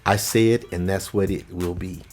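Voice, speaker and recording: A man, a vocal coach, telling a story to his viewers in a relaxed, conversational way and acting out what others said. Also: sits low, moderate pace, faint music behind. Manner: lively anecdote telling, acts out the other people's lines; relaxed, conversational, with frequent fillers. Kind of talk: casual storytelling to camera.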